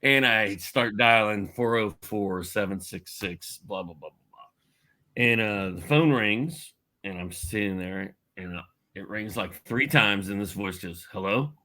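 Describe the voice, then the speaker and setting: A man's voice: on the low side, measured pace, bright, forceful tone. A middle-aged man from Indiana, a podcast guest animatedly telling a personal story and acting out the voices he quotes. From Indiana, USA. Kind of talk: storytelling in a casual podcast chat.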